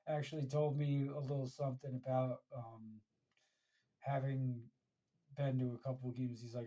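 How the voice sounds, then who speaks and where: A man's voice: mid-range voice, steady tone, moderate pace, dark tone, poor audio. An American man telling a casual, rambling story about a match, with many fillers and restarts. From United States. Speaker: fan podcaster.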